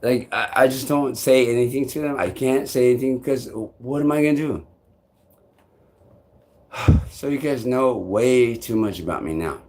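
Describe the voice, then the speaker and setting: Vlogging live, a man wanders from topic to topic, swearing often and alternating between shouting and mumbling under his breath. He keeps a moderate pace.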